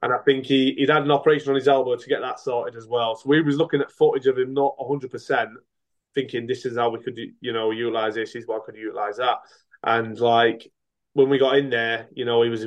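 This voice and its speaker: A man's voice: medium pitch, little pitch movement, fast talker. A middle-aged man, a boxer and coach, talking casually in an interview. He speaks frankly, rambling with many restarts and fillers.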